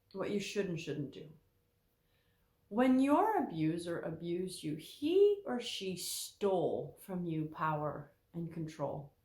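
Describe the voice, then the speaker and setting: Emphatic woman therapist, echoey room. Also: on the low side. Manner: emphatic, animated, repeats key points. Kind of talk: direct-to-camera talk.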